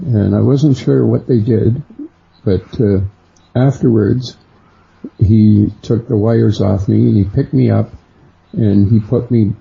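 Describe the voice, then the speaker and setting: A middle-aged man, a guest on a radio interview, slowly recounting a personal experience and lifting his voice for the people he quotes. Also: vocal fry, husky. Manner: unhurried storyteller who acts out quoted voices higher. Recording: dull lo-fi sound.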